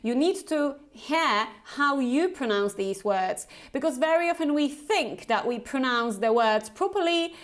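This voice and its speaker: A woman with a light Polish accent teaching English pronunciation, slowly modelling each word twice for the learner to repeat. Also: high-pitched, lively intonation. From Poland. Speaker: Business English pronunciation trainer. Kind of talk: pronunciation lesson with repeat-after-me drills.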